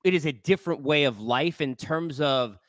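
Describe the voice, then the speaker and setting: A man's voice: on the high side, normal speed, dry recording, studio quality. A man hosting a casual baseball interview, asking long, rambling questions with many restarts. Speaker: baseball broadcaster, host.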